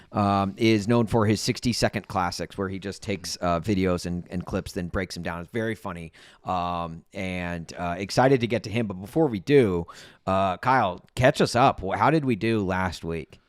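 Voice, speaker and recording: A man's voice: fairly low pitch, moderate pace, dry recording, clean studio sound. A man co-hosting a comedy podcast who tells stories with animation and laughs often. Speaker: podcast co-host. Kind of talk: casual comedic podcast chat.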